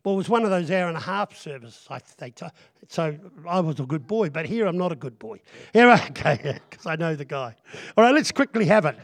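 A man preaching a loud, jokey, rambling sermon and calling out to the congregation. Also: on the high side, lively intonation, brisk. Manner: loud, jokey, rambling, with crowd call-outs. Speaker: guest preacher.

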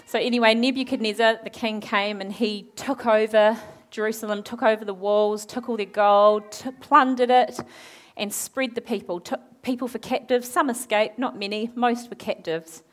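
Animated woman preaching a sermon. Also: a little high, moderate pace, few pauses. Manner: animated, acts out quoted characters, asks the audience questions. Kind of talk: sermon, Bible storytelling.

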